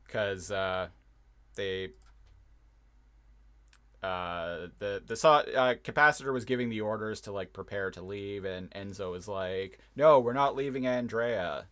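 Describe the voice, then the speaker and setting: A man co-hosting a podcast, recapping a show in a relaxed, deliberate way with some hesitation. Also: on the low side. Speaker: podcast co-host. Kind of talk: casual chat, recapping an episode.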